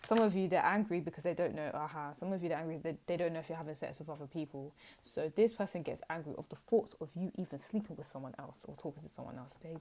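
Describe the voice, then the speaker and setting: A young woman giving a casual tarot reading, chatty and blunt with animated asides. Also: low voice. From United Kingdom. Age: young adult. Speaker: tarot reader.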